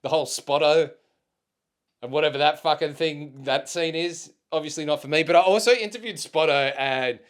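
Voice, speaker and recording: A man's voice: on the high side, normal speed. A young man with an Australian accent hosting a casual solo podcast, laid-back and slangy, dropping swear words and plenty of ums. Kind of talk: casual rambling chat.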